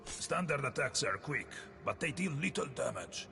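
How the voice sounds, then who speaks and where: A stern, gravelly assassin mentor. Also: male voice, medium pitch, sing-song, normal speed. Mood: commanding. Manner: instructive, commanding. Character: stern male assassin mentor training a pupil. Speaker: combat trainer in a video game. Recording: game audio with loud music.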